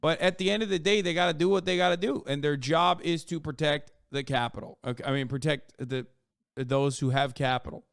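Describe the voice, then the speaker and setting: A man streaming, ranting in casual commentary with a profane, mocking edge that swings from low mutters to loud outbursts. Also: steady tone, fairly quick, gravelly, clean tone, no room sound, clean studio sound.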